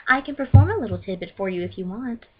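A woman playing a sulky, power-hungry teen siren girl in a low, brooding voice. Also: husky. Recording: muffled lo-fi recording.

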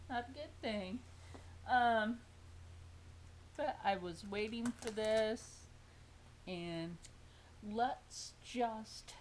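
A woman's voice: fairly low pitch, a little mellow, a little hiss or hum, low-quality recording. A woman vlogging a casual unboxing of fabric for her sewing channel, gushing and squealing over each piece.

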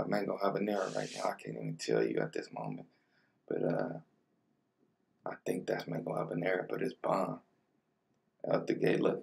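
Gravelly low-voiced young man vlogging. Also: darkish tone, far from the mic. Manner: laid-back slang-heavy chatter between bites. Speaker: mukbang vlogger. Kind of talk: casual food vlog. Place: home room with colored lighting.

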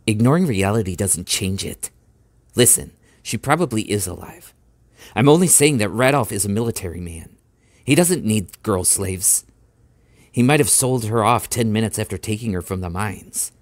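A man's voice: fairly low pitch, lively intonation, moderate pace, dry recording, close to an everyday voice. A man voicing a blunt, practical young woman in an audiobook, speaking in a frank, matter-of-fact way. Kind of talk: audiobook character voice.

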